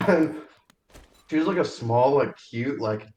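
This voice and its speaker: A man's voice: mid-range voice, expressive, unhurried, warm tone, reverberant, slight background noise, low-quality recording. A young man from New Jersey on a voice call, chatting casually, laughing through his stories and swearing. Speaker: friend on a call. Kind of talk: casual chat.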